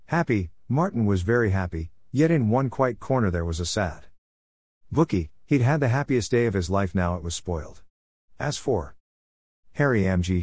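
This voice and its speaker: A man's voice: fairly low pitch, darkish tone, no room sound, studio quality. A man reading a comic story aloud as narrator, playfully voicing the characters' lines.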